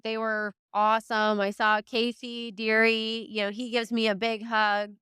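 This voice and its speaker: A woman's voice: a little high, little pitch movement, unhurried, pushed and bright, clear, resonant tone, dry recording, clean studio sound. A young woman, a horse trainer, tells a podcast interviewer a long, emotional story in a rambling way, full of fillers like "like" and "you know". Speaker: guest, reining horse trainer.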